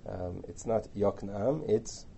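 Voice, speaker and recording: A man's voice: on the high side, big pitch swings, moderate pace, warm tone, slight background noise. A man teaching a text lesson, reading verses aloud and translating them line by line, with chatty asides and questions to the class. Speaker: Torah teacher. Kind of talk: lecture on a biblical text.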